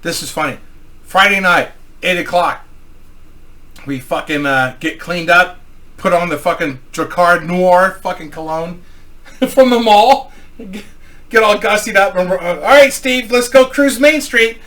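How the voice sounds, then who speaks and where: A man's voice: sits high, measured pace, long pauses, bright, forceful tone. A man from Missouri telling a rambling, profanity-filled anecdote in a casual style. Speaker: storyteller.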